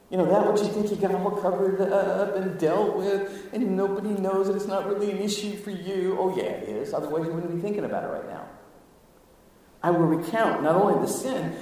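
A man preaching a sermon to his congregation, animated, moving between hushed asides and loud exclamations. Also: sits high. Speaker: pastor. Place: church sanctuary. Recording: echoey hall, mic at a distance.

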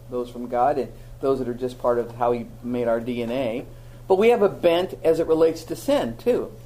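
A woman teaching a Bible lesson to a live audience, telling stories with animated, self-mocking humor. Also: rumbling low, slight background noise, low-quality recording.

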